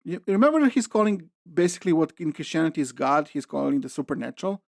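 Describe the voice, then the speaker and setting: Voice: mid-range voice, very animated, racing, creaky, dry recording. Host explaining step by step, dry mic. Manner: explains step by step, often checking in with "okay?". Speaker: podcast host presenting a book reading. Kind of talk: casual explanatory chat.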